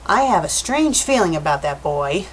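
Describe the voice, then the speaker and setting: A woman's voice: lowish voice, sing-song, moderate pace, a little hiss or hum, rough recording. Woman reading as suspicious guardian cat. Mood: wary.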